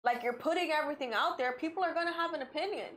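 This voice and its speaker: A woman's voice: sits high, racing, fairly bright tone, slight background noise. A woman co-hosting a casual podcast, blunt and opinionated, reading social media posts aloud and reacting to them. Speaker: podcast co-host. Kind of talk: casual chat.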